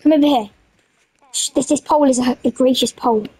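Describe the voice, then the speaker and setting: A woman hosting a gaming video, giving excitable gameplay commentary full of playful yelling and teasing. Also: sits high, brisk, husky.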